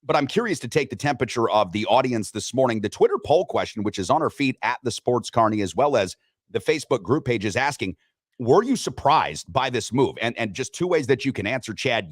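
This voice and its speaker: A man's voice: mid-range voice, very animated, brisk, dry recording, clean studio sound. A man hosting a sports radio show, chatting loosely, joking and reading sponsor spots. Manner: loose, joking, swears casually. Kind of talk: casual sports talk with live sponsor reads.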